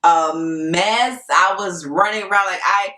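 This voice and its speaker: A young adult woman telling a story to camera in a casual vlog, animated and laughing often as she acts out what people said. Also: lowish voice, a little slow. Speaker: vlogger. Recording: echoey room, mic at a distance.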